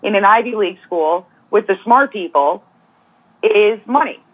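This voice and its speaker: A woman's voice: medium pitch, lively intonation, normal speed. A woman guest giving speculative, opinionated views in a casual true-crime discussion over a phone call. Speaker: guest commentator. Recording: tinny phone line.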